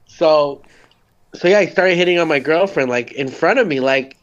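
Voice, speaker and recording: A man's voice: fairly high pitch, moderate pace, highs cut off. A man from the Southwest US, a podcast guest telling a rambling story in casual chat. He leans heavily on "like", swears freely and acts out the quotes. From Socorro, US Southwest.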